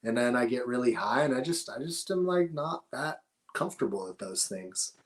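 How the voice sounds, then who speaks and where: A mid-range, animated male voice at a moderate pace belongs to a middle-aged cannabis grower from Northern California. Appearing as a podcast guest, he rambles through casual, profanity-laced stories in a relaxed conversational way.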